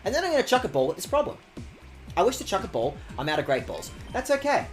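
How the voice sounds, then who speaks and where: Casting: male game streamer, lively pitch swings, sarcastic banter, salty language. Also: fast, soft background music. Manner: animated, sarcastic, swears often. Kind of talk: casual game streaming chat.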